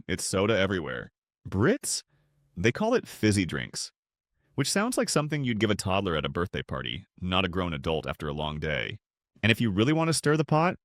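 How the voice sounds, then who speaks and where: Man narrating with a lively, lowish voice. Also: dry recording, studio quality. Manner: playful, with upbeat jumps in pitch. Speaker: narrator of an explainer video. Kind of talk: scripted narration.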